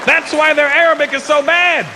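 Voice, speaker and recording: A man's voice: very high voice, little pitch movement, normal speed, background noise. A male stand-up comedian performing live, brash and profane, who keeps slipping into mocking character voices. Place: large arena in front of a live audience. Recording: live arena recording with loud crowd laughter.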